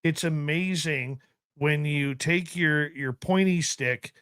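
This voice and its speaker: A man hosting a radio talk show, chatting casually and joking with an easygoing, drawn-out delivery. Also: fairly high pitch, a bit bright, no echo, clean studio sound. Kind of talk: casual radio interview chat.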